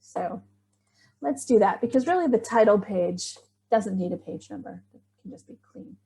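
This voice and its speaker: A woman's voice: medium pitch, expressive, moderate pace, creaky, dark tone. A middle-aged woman teaching a screen-share tutorial, chatty and thinking aloud as she works. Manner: chatty, thinking aloud, little surprised exclamations. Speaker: writing workshop instructor.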